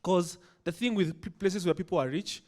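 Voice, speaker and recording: High-voiced Kenyan man doing stand-up. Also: normal speed, a little mellow. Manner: playful, mixes English and Swahili slang. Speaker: stand-up comedian. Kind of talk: stand-up routine.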